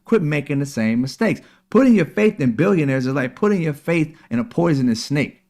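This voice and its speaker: A man's voice: a little high, expressive, a little fast, creaky, darkish tone. A man hosting a political commentary show, talking in a heated, sarcastic, preachy way and cursing freely.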